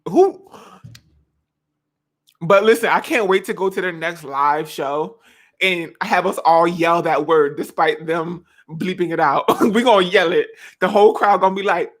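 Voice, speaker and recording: A woman's voice: lowish voice, moderate pace. A woman, chatting casually and dramatically to camera as a vlogger, laughing often and breaking into song. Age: 20s. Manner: animated, dramatic, laughs often, sings snippets. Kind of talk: casual chat.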